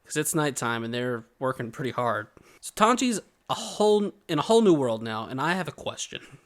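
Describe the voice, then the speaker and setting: A man's voice: medium pitch, very animated, fairly quick, fairly bright tone. A man in his twenties co-hosting a podcast, chatting casually with rambling, joking stories. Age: 20s. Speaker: podcast co-host. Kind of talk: casual chat.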